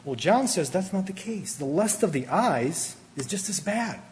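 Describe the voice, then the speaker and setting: Animated preacher man in a reverberant hall. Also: high voice, a little slow. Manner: animated, rising to emphatic peaks, with many restarts. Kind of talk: sermon. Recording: hall reverb with faint ambient noise.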